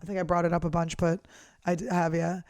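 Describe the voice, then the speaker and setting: A woman's voice: lowish voice, fast talker, no room sound. A woman comedian talking in a casual monologue, blunt and profane as she rants. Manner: blunt, profane, lively ranting. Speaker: professional comedian, podcast host.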